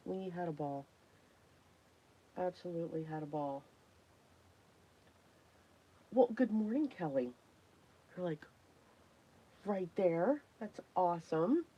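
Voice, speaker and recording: A woman hosting a casual crafting livestream, chatty and greeting viewers by name, her voice hoarse and worn from talking, often clearing her throat. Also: lowish voice, animated, measured pace, long pauses, lo-fi sound. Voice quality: frequent throat clearing and coughs.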